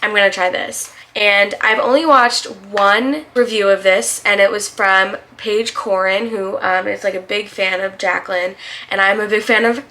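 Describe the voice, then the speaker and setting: A woman's voice: medium pitch, steady tone, measured pace, pushed and bright. A young woman with a slight lisp, chatting casually and bubbly as a beauty vlogger reviewing makeup.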